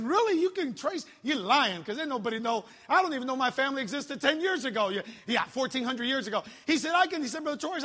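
Man preaching, high voice, joking, echoing church hall, middle-aged youth pastor. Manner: animated, joking storyteller. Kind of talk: sermon. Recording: long hall reverb.

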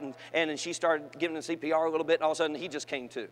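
A man preaching to young people, telling funny stories and swinging from shouted peaks to quiet asides. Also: a little high, steady tone, very fast. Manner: humorous storytelling with shouted climaxes and quiet asides. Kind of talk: sermon to a youth gathering. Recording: long hall reverb.

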